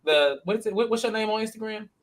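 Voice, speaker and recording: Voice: medium pitch, quick pace. A host of a live call-in panel show, chatting loosely with callers and laughing easily.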